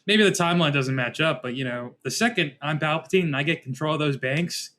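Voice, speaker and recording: A man co-hosting a podcast, his voice pitched a bit higher than most men's. He talks loosely and casually, with some swearing, and keeps restarting his sentences as he thinks aloud. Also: a little fast, bright, forceful tone. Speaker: podcast co-host. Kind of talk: casual chat.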